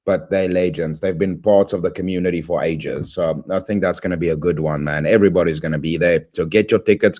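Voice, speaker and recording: A man hosting a casual livestream, rambling and shouting out viewers by name with excitable slang. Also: low-pitched, fairly quick, hardly any pauses. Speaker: livestream host.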